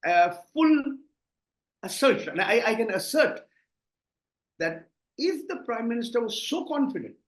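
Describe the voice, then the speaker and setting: Man, Indian English accent, high-pitched, emphatic, stumbling restarts, echoey room. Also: big pitch swings, a little slow, long pauses. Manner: emphatic, repeats words when starting. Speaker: political analyst guest. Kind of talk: impassioned interview commentary.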